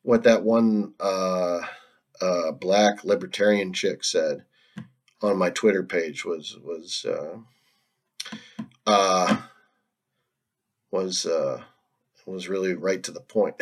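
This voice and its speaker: A man hosting a solo stream, talking in a casual, rambling monologue full of restarts, fillers and frequent laughs. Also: sits low. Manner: halting, many restarts and fillers, laughs often.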